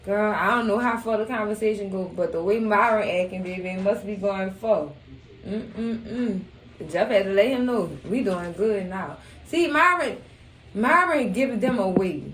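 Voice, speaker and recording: A woman's voice: mid-range voice, animated, normal speed, fairly bright tone, recorded from a distance, a little hiss or hum. A young woman, chatting casually about a show, acting out quotes and laughing often. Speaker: recap channel host. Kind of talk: casual TV recap chat. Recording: echoey room.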